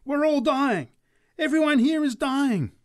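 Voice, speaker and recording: A man voicing a frenzied woman street preacher, proclaiming in a shrill, ecstatic voice. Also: animated, unhurried. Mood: wailing.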